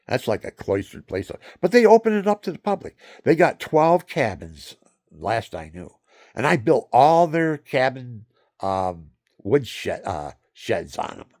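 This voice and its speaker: Older guy with a gravelly voice, rambling folksy stories then preaching, lots of restarts. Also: lowish voice. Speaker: religious speaker. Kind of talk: rambling personal storytelling and preaching.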